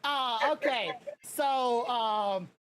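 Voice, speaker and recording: A man's voice: extremely high pitch, extremely slow, a bit bright. A man hosting a podcast, talking in a loose, rambling way and laughing often between points. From Louisiana and Mississippi, USA. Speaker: podcast host. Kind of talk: casual podcast chat.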